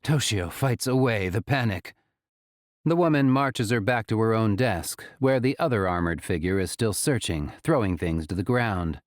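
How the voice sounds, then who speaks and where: A man narrating an audiobook in an expressive, dramatic way. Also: fairly low pitch, moderate pace, no echo, clean studio sound.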